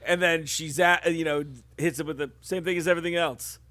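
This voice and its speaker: A man's voice: on the high side, steady tone, fairly quick, pushed and bright. A man chatting casually on a movie commentary podcast, often checking in with "you know what I mean". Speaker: podcast co-host.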